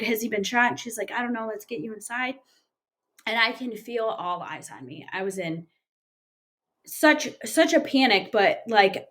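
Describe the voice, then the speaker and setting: A woman in her thirties, an interview guest, recounting a personal story in a plain, halting way with many fillers. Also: medium pitch.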